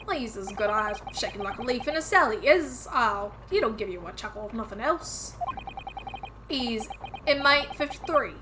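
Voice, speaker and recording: A woman's voice: a little high, lively intonation, normal speed, noisy background, close to an everyday voice. A woman voicing a gossipy, cheeky young British man in a video game, her accent slipping into a Southern drawl. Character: chatty British street lad, gossipy and cheeky.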